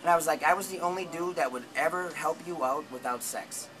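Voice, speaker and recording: A man telling a long story in casual, rambling talk, with lots of swearing and animated retellings of what people said. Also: fairly high pitch, fairly quick, background noise.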